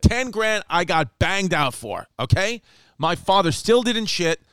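Animated man telling a comic story. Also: high voice, clean tone, no room sound. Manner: animated, fast, acts out quotes with Spanish asides. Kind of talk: casual storytelling monologue.

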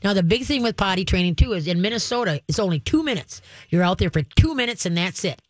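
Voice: medium pitch, expressive, fast, no room sound. A radio call-in host and dog trainer giving folksy, emphatic step-by-step advice to a caller.

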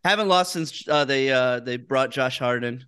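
A man co-hosting a casual chat, throwing in quick jokes and excitedly hyping basketball. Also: medium pitch, clear, resonant tone. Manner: quick jokey interjections, excitable sports hype. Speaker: podcast co-host.

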